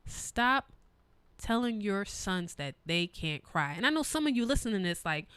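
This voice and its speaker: A woman's voice: mid-range voice, moderate pace, clear, resonant tone, no room sound. Blunt profane woman podcast co-host. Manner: blunt, profane, animated storytelling. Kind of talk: casual chat.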